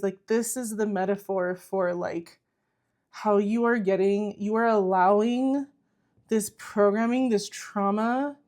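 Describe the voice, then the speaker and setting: Woman, tarot reader, earnest and encouraging, talks straight to the viewer, fills with "like", mid-pitched voice. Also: a little mellow. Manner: earnest, encouraging, repeats herself, frequent "like". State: close to tears at times. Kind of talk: spiritual tarot reading to camera.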